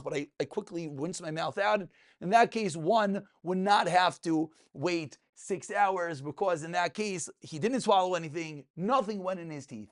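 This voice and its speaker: A man teaching a lively Talmud class to students in a room, asking and answering his own questions and joking along the way. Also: high voice. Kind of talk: lively spoken Torah class.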